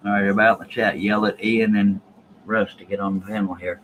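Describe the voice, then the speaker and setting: Man, low voice, folksy and jokey, live stream host, faint background noise. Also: fairly even intonation, fast, phone-quality sound. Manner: folksy, jokey, addresses chat viewers. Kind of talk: casual live stream chat.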